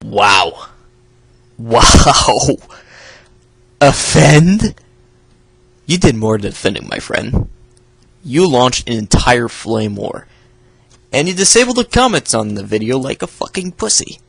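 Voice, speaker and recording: A young man hosting a reaction video, giving sarcastic, profane commentary with loud outbursts. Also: mid-range voice, sing-song, normal speed, vocal fry, breathy edge.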